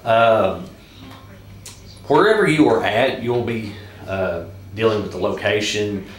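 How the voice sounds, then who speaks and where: A man with a Southern US accent casually walking through a board game's rules, halting often with filler sounds and restarts. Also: lowish voice, expressive, a little hiss or hum. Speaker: board game reviewer. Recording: echoey room.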